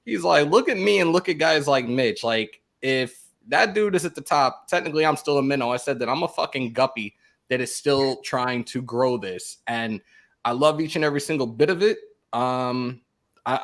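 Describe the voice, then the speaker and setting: A man hosting a casual fan roundtable, excitable, swearing freely and acting out what others said to him. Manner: excitable, swears freely, acts out quotes with big pitch jumps. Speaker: podcast host.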